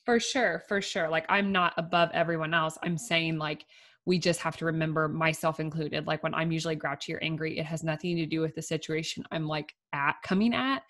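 Young woman co-host, lower voice, casual and chatty, many "likes". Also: fairly even intonation, fairly quick, fairly bright tone. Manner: chatty, says "like" often, laughs easily. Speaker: podcast co-host. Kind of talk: casual chat.

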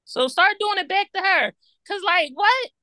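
High, lively Philly woman teasing. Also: measured pace, no echo. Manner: teasing, playful banter. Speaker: podcast co-host. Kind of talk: casual chat.

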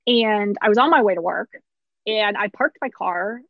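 A woman's voice: medium pitch, normal speed, dry recording, dull audio. A woman in her thirties, a pharmacist, candidly telling a personal story with short laughs through hard moments.

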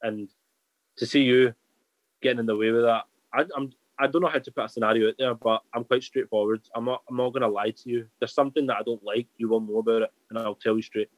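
A podcast guest, a man, talks quickly in a loose, candid ramble, circling back on his own points. His voice is dry and close, with no room around it. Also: mid-range voice, steady tone, no echo, rough recording. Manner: rambling, candid, restarts a lot. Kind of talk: casual chat.

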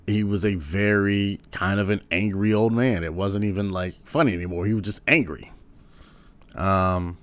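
A man giving a casual commentary, rambling a little and filling pauses with "um". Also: sits low. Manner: rambling, with frequent "um"s.

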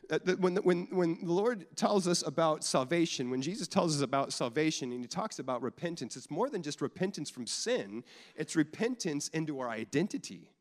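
A man's voice: on the high side, lively intonation, fairly quick, few pauses. A man in his thirties, a pastor giving a casual, joking sermon to a church, often restarting his sentences. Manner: conversational, jokey, repeats and restarts often. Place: church sanctuary. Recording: long hall reverb.

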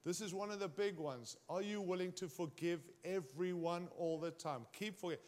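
A man preaching a sermon, speaking emphatically and straight to his congregation, swinging his pitch and volume widely. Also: moderate pace, darkish tone.

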